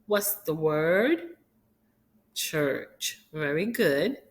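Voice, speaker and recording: A woman's voice: on the low side, lively intonation, takes it slowly. A woman teaching phonics to young children, sounding out letters one at a time and repeating each word. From Haiti.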